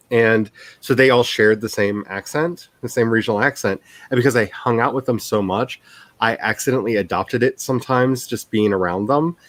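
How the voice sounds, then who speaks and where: A man's voice: mid-range voice, dry recording. A man who writes books, hosting a casual stream chat in a rambling, self-deprecating way and laughing often.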